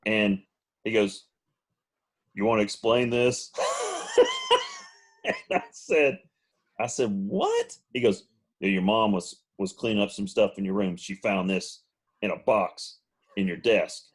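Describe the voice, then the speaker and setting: A man's voice: lowish voice, measured pace, long pauses, breathy edge. A man co-hosting a sports talk show, telling a story in a casual chat and laughing often. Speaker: podcast co-host.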